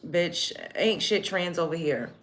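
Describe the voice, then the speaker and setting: Young woman on a live stream reading chat out loud, bright sharp voice, cusses everyone out. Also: lowish voice, a little slow. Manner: profane, blunt and combative with commenters. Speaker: livestream host. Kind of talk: get-ready-with-me livestream, reading chat comments aloud.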